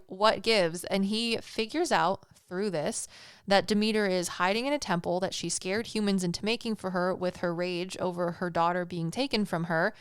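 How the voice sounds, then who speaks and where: A young adult woman hosts a podcast and retells an old myth in a chatty, slangy, playful way. Her voice is very clear and smooth, and the sound is close and dry. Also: medium pitch, dry recording. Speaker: podcast host.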